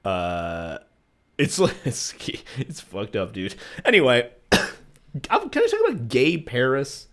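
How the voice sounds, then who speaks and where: A man's voice: medium pitch, wildly swooping pitch, slow pace, a bit bright. Rambling, profane male podcast host. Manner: rambling, profane, jokey storytelling with many fillers. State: recovering from a virus. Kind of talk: casual chat.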